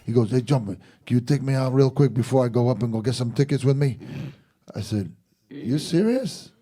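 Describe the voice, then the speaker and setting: A man telling a lively story in casual chat, acting out the quotes as he goes. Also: mid-range voice, brisk. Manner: animated storyteller, acts out quotes.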